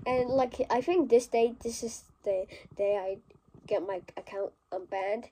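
A woman chatting her way through a game from a small home desk, rambling and poking fun at herself. Her voice sits a little high, and she takes her time between words. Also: measured pace, warm tone. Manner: rambling, self-mocking, jokey. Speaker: gameplay vlogger. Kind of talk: casual gameplay commentary.

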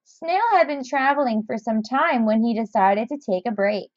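A woman reading a children's storybook aloud in a gentle, expressive way. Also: on the high side, moderate pace, dry recording, lo-fi sound. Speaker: narrator.

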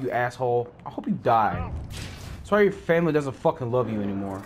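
A man's voice: mid-range voice, big pitch swings, a little fast, slight background noise. A young man ranting furiously while gaming, swearing and snapping at teammates, sweaty and worked up. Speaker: gamer streaming gameplay. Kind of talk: angry gaming rant.

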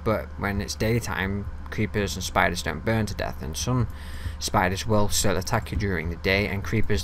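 A man's voice: fairly low pitch, creaky, slight background noise. Chatty young guy gaming. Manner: chatty, talks to viewers and mobs, swears freely; gets loud and excited when ambushed. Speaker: gaming video host. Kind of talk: casual let's-play commentary.

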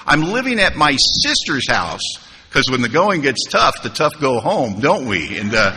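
Male speaker, wry storyteller at a podium, lively asides to the crowd; large hall reverb with faint noise. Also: mid-range voice, a little fast. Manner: humorous, conversational, asks the room rhetorical questions. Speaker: recovery meeting speaker. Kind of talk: storytelling talk at a recovery convention.

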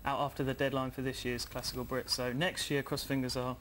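Upbeat man, a quick-talking singer. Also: mid-range voice, little pitch movement, a bit bright, a little hiss or hum. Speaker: guest singer. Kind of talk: casual studio interview. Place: TV studio.

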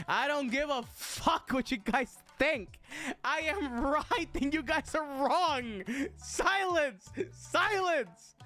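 A woman streamer in a casual livestream rant, heated and profane, swinging between mock outrage, shouting and laughter. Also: on the high side.

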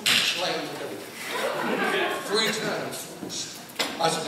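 A man's voice: a little high, expressive, takes it slowly, pauses often, heavy background noise. An older man preaching a sermon, telling a long personal story in a folksy, emphatic way. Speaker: guest preacher. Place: church sanctuary. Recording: echoey church hall from far off.

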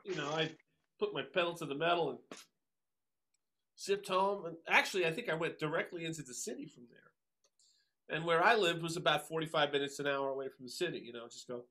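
A man, a drummer telling stories as a guest, animated and acting out the voices of people he quotes. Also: a little high, brisk. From Long Island, New York. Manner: animated, acts out quoted voices, many fillers. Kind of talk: casual storytelling interview.

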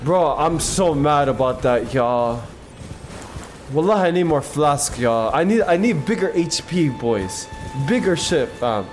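A male streamer giving excitable live gameplay commentary, swearing and talking to his chat from his PC. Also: a little high, unhurried. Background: game music.

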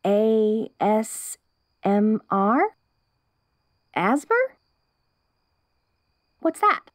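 A woman's voice: on the high side, sing-song, very slow, dry recording, heavily acted. A young woman voicing a perky, curious wolf girl in an ASMR role-play, bubbly and giggly with restless chatter.

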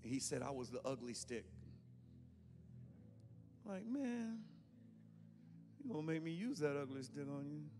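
A man preaching a sermon, telling a story and acting out the voices in it, swinging from hushed tones to shouts. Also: on the high side, sing-song, measured pace, pauses often. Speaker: pastor. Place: church sanctuary. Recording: long hall reverb with faint music.

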